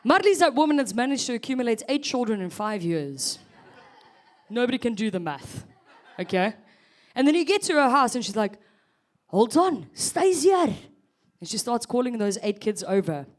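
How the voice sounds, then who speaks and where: A woman's voice: fairly high pitch, expressive, fairly quick. A South African woman in her thirties performing a chatty stand-up set, teasing the audience. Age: 30s. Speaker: stand-up comedian.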